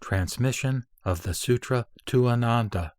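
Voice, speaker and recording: A man reading an old Buddhist scripture aloud in a measured, solemn recitation, pacing out long lists phrase by phrase. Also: mid-range voice, a little mellow, no room sound, studio quality.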